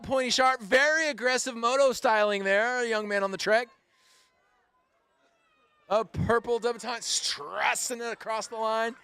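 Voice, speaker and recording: A man calling a street bike race live outdoors, excited and playful, cheering the riders on. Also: very high voice, clean tone, no echo. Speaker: race announcer.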